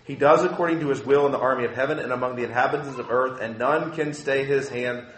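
A man preaching a sermon as a pastor, impassioned and shifting between quiet and loud passages. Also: mid-range voice, fast talker, reverberant.

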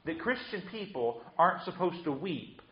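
Male pastor preaching, kinda high voice, lots of repeated words, echoey lo-fi church sound. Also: big pitch swings, moderate pace. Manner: emphatic, repeats words on restarts. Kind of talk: sermon.

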